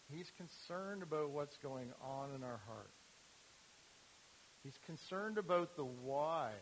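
A man's voice: medium pitch, gravelly, a little hiss or hum, rough recording. A man giving an informal sermon as a youth ministry speaker, talking conversationally with many fillers and restarts.

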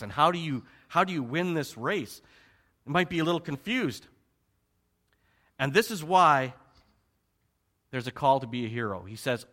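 A man preaching a sermon with animated emphasis, rhetorical questions and joking asides. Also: medium pitch. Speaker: pastor.

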